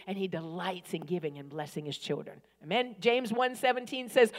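A woman's voice: on the low side, moderate pace, few pauses. A middle-aged woman preaching a sermon, emphatic and repetitive, calling out for amens. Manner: emphatic, repeats phrases, calls for amens. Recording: reverberant hall.

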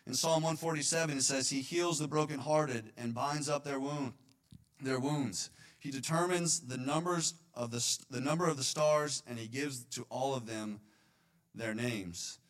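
A man preaching a sermon, moving between hushed, intimate passages and loud, emphatic bursts, and acting out the imagined words of his listeners and of God. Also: mid-range voice, moderate pace.

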